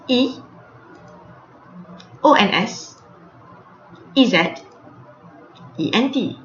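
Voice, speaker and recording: A woman's voice: mid-range voice, a bit bright, slight background noise. A woman teaching French grammar, spelling out endings letter by letter and repeating each example. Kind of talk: slow spelled-out language lesson. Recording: lo-fi, echoey room.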